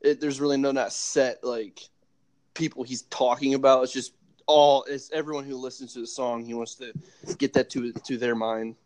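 A man co-hosting a casual podcast, talking in halting phrases with many restarts. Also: medium pitch, fairly even intonation, a little mellow. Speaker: podcast co-host. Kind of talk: casual chat.

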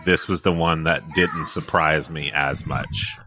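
A man's voice: a bass voice, fairly even intonation, unhurried, bright, forceful tone. A man co-hosting a podcast, talking casually and agreeably, with hesitant restarts. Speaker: podcast co-host. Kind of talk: casual chat.

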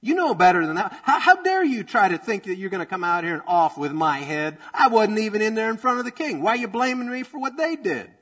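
A preacher playing an indignant young prophet. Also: male voice, sits high, big pitch swings, brisk, hardly any pauses, fairly bright tone, voice pushed up. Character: indignant young male prophet protesting his innocence.

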